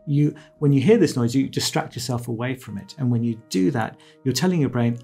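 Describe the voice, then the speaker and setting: A man's voice: medium pitch, a little fast, creaky, few pauses, warm tone, husky, soft background music. A man, an ear surgeon, explaining in a casual, reassuring way, full of asides and quoted inner talk. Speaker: ENT surgeon explaining his experience.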